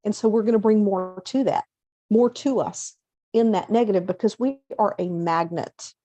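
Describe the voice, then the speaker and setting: Mellow-voiced woman giving a motivational talk. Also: medium pitch, dry recording, highs cut off. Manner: conversational, acts out inner self-talk in quotes; slows down to stress key points. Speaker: hypnotherapist and coach, show host.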